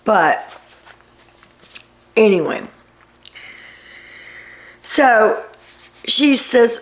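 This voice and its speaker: A woman's voice: lowish voice, lively intonation, unhurried, vocal fry, pauses often. A woman hosting a reality TV recap, retelling events in a casual, gossipy way with sarcastic asides.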